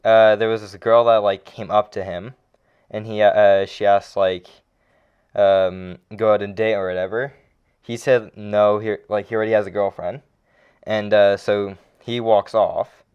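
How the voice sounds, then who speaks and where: A young man co-hosting a casual podcast, telling a story in a halting, hesitant way. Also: on the low side, level tone, clear, resonant tone, highs cut off. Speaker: podcast co-host. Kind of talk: casual chat.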